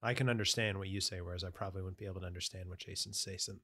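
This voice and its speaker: A man co-hosting a podcast, teasing and asking questions in relaxed casual chat. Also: low voice, racing, no echo, studio quality. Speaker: podcast co-host.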